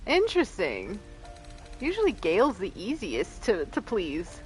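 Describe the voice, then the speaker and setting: A woman's voice: medium pitch, wildly swooping pitch, unhurried, a little mellow, soft background music. A young woman playing a video game and chatting casually, laughing often and reading dialogue choices aloud. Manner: reads dialogue options aloud. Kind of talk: casual let's-play commentary.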